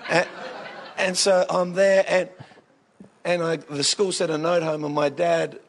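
Australian preacher with a high voice, working the congregation with lively comic stories. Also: male voice, unhurried, vocal fry. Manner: animated, jokey, swings into bursts of excitement. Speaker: pastor. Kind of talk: humorous storytelling sermon.

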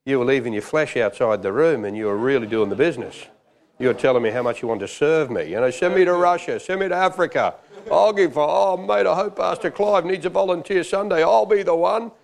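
A man's voice: mid-range voice, fast talker, a little mellow, close to an everyday voice. A man voicing God as a blunt, chummy older man who teases him. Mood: teasing. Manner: chummy, teasing.

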